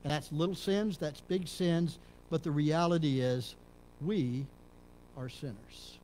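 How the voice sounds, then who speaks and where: A middle-aged man from Texas, a pastor preaching a sermon in a church, dropping to low murmurs and rising to loud emphatic peaks. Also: takes it slowly, a little hiss or hum. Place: church sanctuary.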